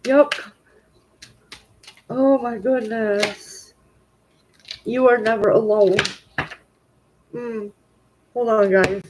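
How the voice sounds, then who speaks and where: A woman's voice: on the high side, fairly even intonation, extremely slow, long pauses, noisy background. A woman tarot reader on a live stream, talking straight to her viewers and tearful with grief. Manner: emotional, talks directly to viewers. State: tearful, grieving.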